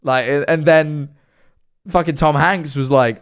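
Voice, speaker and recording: A man's voice: on the high side, fairly even intonation, unhurried, clean tone. A young man, chatting and joking with viewers during a live-stream reaction.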